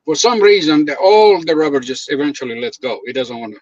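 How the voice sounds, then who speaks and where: Guy telling stories on a stream, kinda high voice, acts out quotes, muffled dry audio. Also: a little fast. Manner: animated storyteller, acts out quotes, laughs often. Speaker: guest videographer. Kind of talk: casual chat, storytelling. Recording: dull lo-fi dry sound.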